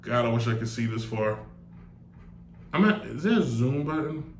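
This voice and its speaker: This sports talk host has a medium-pitched voice with lively intonation and speaks at a normal speed, with slight background noise. It's a casual live monologue full of jokes and tangents, spoken into a stand-mounted desk mic in an echoey room.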